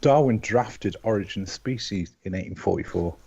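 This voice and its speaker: A man in his fifties with a Liverpool accent chats as a guest, his voice sitting a touch low. He rambles and restarts his sentences as he goes. The sound is dull and lo-fi, like call audio. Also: normal speed, creaky, darkish tone. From Liverpool, England. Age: 50s. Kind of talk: casual live-stream chat.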